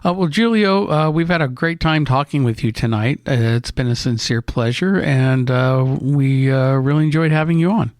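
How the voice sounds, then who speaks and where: A man's voice: mid-range voice, normal speed, hardly any pauses, dry recording, clean studio sound. A man co-hosting a radio show, chatting casually with many fillers and easy laughs.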